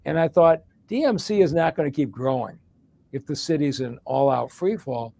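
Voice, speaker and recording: This guest, a middle-aged former hospital executive and mayor from Detroit, tells a long, plain-spoken story in reply to an interview question. His pitch is on the high side, with lively intonation at a normal speed and a gravelly, dark tone.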